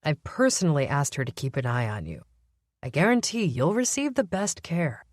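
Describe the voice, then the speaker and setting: A woman's voice: sits low, very animated, normal speed, no echo, clean studio sound. A woman reading an audiobook, voicing a guilty, earnest male vampire police captain who speaks politely and apologetically. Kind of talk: audiobook character voice.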